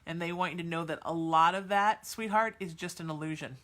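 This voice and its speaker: A woman's voice: lowish voice, a little fast, a bit bright. Reassuring woman giving psychic readings. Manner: soothing, reassuring, calls listeners sweetheart; chatty, with many fillers and restarts. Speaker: psychic podcast host. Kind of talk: live psychic readings for chat viewers.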